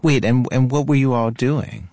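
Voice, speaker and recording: A man hosting a podcast who narrates calmly and asks curious follow-up questions. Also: mid-range voice, normal speed, dry recording. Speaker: podcast host and interviewer. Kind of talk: narration and interview.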